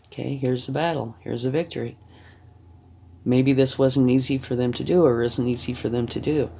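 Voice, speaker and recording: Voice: medium pitch, fairly even intonation, normal speed, creaky, warm tone, a little hiss or hum. A tarot reader giving a reading to the viewer, reassuring and often checking in, thinking aloud while turning cards.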